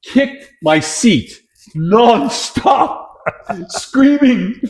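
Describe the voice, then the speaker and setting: A middle-aged man and father of three on a casual podcast, telling stories with repeated words and acted-out shouts. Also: very high voice, very slow. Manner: lively storyteller, repeats words, acts out shouting. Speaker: podcast co-host. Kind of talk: casual chat, storytelling.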